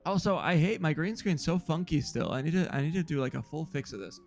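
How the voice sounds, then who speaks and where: A man's voice: on the high side, fairly quick, soft background music. A man streamer chatting casually and rambling through a story with frequent chuckles.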